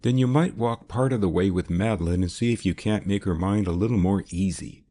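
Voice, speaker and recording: A man reading an audiobook, voicing a composed gentlewoman who speaks gently and persuasively. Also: sits low, fairly quick. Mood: calm, persuasive. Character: composed gentlewoman, calm and firm.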